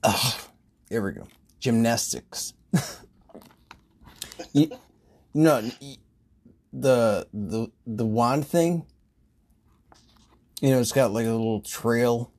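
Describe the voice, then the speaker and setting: A man's voice: mid-range voice, animated, takes it slowly, pauses often, a little mellow. A man who works in a grocery store, telling casual stories in a rambling way, swearing and laughing often. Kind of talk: casual storytelling.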